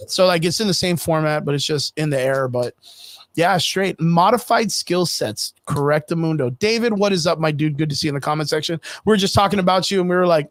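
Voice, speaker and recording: A man's voice: a little high, brisk, no room sound. A man hosting a casual live stream, rambling loosely with lots of fillers and frequent swearing. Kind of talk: casual chat. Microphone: home streaming setup.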